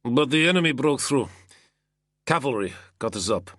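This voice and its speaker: A man's voice: medium pitch, expressive, normal speed, a bit bright, no room sound, clean studio sound, voice pushed up, close to an everyday voice. A man voicing a reserved young Roman soldier who answers in short, clipped lines. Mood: guarded. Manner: terse, clipped replies.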